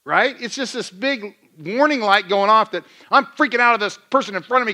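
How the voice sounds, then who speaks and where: A man's voice: sits high, expressive, brisk, few pauses, pushed and bright. A middle-aged man preaching a sermon in a church, conversational and self-deprecating, acting out his own rants as examples. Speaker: pastor.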